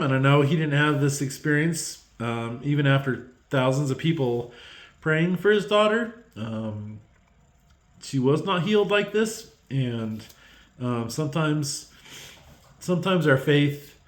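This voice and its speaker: Halting, emotional man in an echoey room. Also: medium pitch. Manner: halting and emotional, many ums and restarts. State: tearful. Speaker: Bible devotional host. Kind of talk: unscripted devotional talk.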